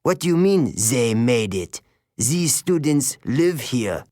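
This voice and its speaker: A man voicing a stern, hawkish tall male teacher with a French accent, speaking coldly and commanding, unhurried. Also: medium pitch, animated, no room sound, studio quality. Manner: cold and commanding.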